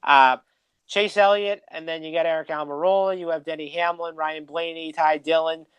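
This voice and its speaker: A man's voice: a little high, fairly even intonation, normal speed, fairly bright tone, smooth, no echo, dull audio. A man co-hosting a casual motorsport podcast, running through a list with many "uh" fillers. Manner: reads off lists with frequent "uh" fillers. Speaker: podcast co-host. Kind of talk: casual sports podcast chat.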